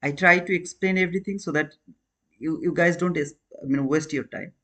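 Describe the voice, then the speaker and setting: Guy live trading stream, kinda high voice, english, earnest, keeps saying man and brother. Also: normal speed, sharp tone. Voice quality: non-native English, repeats phrases. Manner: earnest, questions viewers, calls them man and brother.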